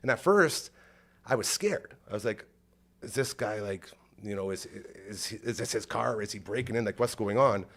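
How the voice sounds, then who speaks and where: Lower-voiced man telling a rambling story. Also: expressive, normal speed, fairly bright tone. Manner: rambling, emotional storytelling full of "like". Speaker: podcast host. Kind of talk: casual chat.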